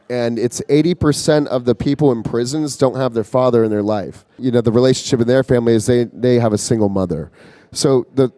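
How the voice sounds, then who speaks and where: A man with a mellow, warm voice talks in a loose, rambling way, often stopping and restarting his sentences. The sound is dry and close, with little room around it. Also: medium pitch, no echo. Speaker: interview guest. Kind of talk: casual conversation. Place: convention floor.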